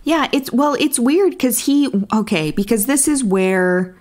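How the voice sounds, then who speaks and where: A woman's voice: on the high side, lively intonation, a little slow, darkish tone. A young woman co-hosting a movie podcast, making wry, dry asides in casual chat. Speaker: podcast co-host.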